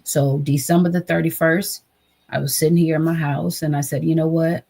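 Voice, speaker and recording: A woman's voice: low-pitched, fairly even intonation, normal speed, creaky, mellow, slightly rough. A woman guest, a trauma advocate, telling an emotional personal story in an earnest way. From United States. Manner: earnest, acts out quoted voices.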